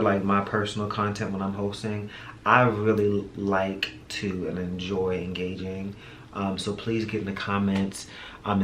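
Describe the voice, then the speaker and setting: A man hosting his own show, talking casually and candidly to his viewers, a bit tired, laughing often and using slang. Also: fairly low pitch. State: tired, low energy. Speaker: podcast host. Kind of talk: casual solo vlog talk. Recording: echoey room with audible background noise.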